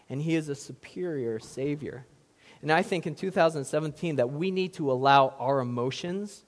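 A man preaching a sermon to a congregation, swinging from quiet, reflective passages to loud, emphatic ones. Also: mid-range voice. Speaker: pastor. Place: church hall with audience. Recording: long reverb of a large hall.

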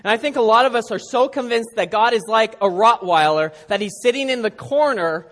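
A man preaching a sermon, praying earnestly and then telling a story with animated, earnest delivery. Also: high-pitched, brisk, big-room sound. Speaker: pastor.

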